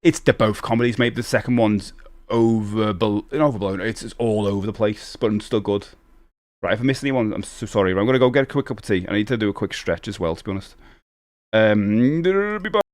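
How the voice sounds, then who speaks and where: A man's voice: fairly low pitch, a little fast, darkish tone. A middle-aged man hosting a live stream, chatting casually and rambling as he reads out and answers viewer messages. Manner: chatty and rambling, reading out chat and greeting viewers.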